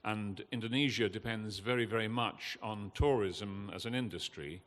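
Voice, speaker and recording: An older man, giving an impassioned, earnest talk from a festival stage, halting with fillers now and then. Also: lowish voice, a bit bright. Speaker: guest speaker at a festival. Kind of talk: emotional public talk. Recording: long hall reverb.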